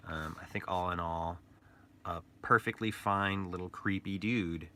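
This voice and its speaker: A man rambles playfully in a casual vlog, his slightly low voice carrying a bright, forceful edge. A faint room hum sits behind him. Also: steady tone, unhurried. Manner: rambling, playful, joking aside. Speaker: toy artist and painter.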